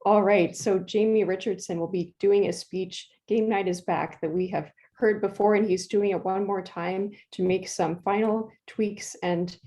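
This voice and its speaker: A woman's voice: mid-range voice, steady tone, measured pace, few pauses, mellow, low-quality recording. Woman hosting a club meeting. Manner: friendly, a bit flustered, unscripted. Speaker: meeting host introducing speakers.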